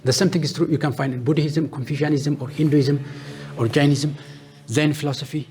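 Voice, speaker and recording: A man's voice: on the high side, steady tone, a little mellow, soft background music. A man giving a classroom lecture, listing terms one by one and answering his own questions. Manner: asks questions and answers them himself; lists terms one by one with pauses.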